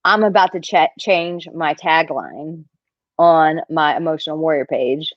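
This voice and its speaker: A woman dating coach talking casually on a livestream, reading out viewer comments and answering them in an animated, chatty way. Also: low voice, measured pace, no echo, lo-fi sound. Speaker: dating coach answering live chat questions.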